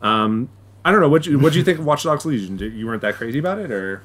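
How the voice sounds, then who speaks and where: A man's voice: medium pitch, expressive, fast, a bit bright. A young man co-hosting a podcast in casual chat, rambling with lots of fillers. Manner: rambling, filler-heavy, restarts often. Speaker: podcast co-host.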